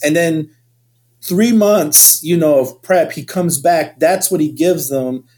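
Male co-host, rambling casual chatter, slightly high voice. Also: takes it slowly, darkish tone. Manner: rambling, restarts sentences often. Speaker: podcast co-host. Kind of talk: casual chat.

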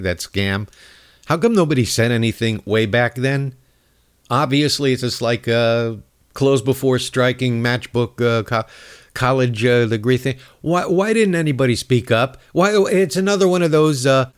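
A man tears into his target in a long, crude comic rant. His voice swoops up and down as he goes, and he keeps stalling on fillers and restarts. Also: mid-range voice. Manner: angry, insulting, rambling with many fillers. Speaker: comedic ranter. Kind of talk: profane political rant.

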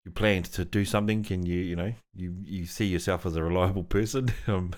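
Low-voiced New man, laid-back chat. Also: fairly even intonation, brisk. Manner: rambling, laughs often, swears casually, many fillers. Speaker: podcast co-host. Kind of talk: casual chat. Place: studio.

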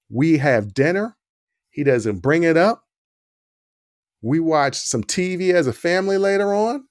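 A man's voice: on the high side, no room sound, studio quality. A man hosting a podcast, telling a personal story and acting out the voices in it. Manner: animated storyteller, acts out quoted dialogue. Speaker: podcast host.

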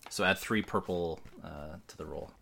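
A man narrating and ruling as game master of a tabletop role-playing game, relaxed and wry. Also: low-pitched, moderate pace, vocal fry.

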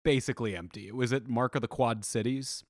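A man's voice: medium pitch, fairly even intonation, a little fast, no room sound, studio quality. Laid-back man on a podcast. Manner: jokey, does mock impressions, laughs often. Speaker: podcast co-host. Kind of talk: casual chat.

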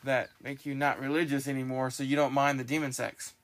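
A man's voice: medium pitch, brisk. Rambling male podcast host. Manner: rambling, animated storytelling with restarts. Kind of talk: casual podcast chat.

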